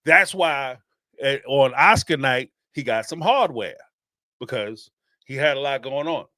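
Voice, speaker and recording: A man hosting a reality-TV call-in show, giving sarcastic, animated commentary and laughing often. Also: mid-range voice, unhurried, no room sound, clean studio sound. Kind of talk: casual commentary.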